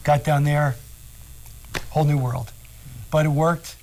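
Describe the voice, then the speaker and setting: An older man, a singer and guest, telling animated stories with lots of laughter. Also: a little high, unhurried, a little hiss or hum, low-quality recording. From Philadelphia, USA. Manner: animated anecdotes, acts out quoted voices, laughs often. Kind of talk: casual storytelling.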